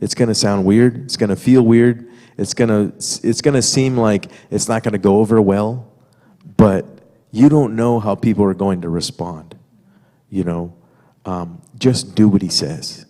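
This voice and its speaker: Deep-voiced man telling his testimony. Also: fairly even intonation, a little slow, dark tone. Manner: easygoing, conversational, fillers and asides to the congregation. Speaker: guest speaker sharing testimony with wife. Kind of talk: storytelling testimony in church. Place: church sanctuary. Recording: reverberant church sanctuary.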